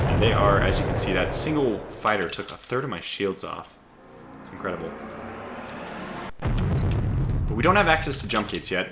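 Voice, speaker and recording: A man hosting a let's play, reading the game's story text aloud and adding relaxed commentary, with occasional stumbles. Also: lowish voice, very noisy.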